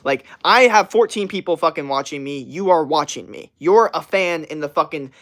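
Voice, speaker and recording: A man's voice: fairly high pitch, moderate pace, a bit bright. A young man streaming live, chatting casually with his viewers and ranting, with a lot of swearing. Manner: profane, ranting, talks straight to viewers. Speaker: livestreamer. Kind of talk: casual livestream chat.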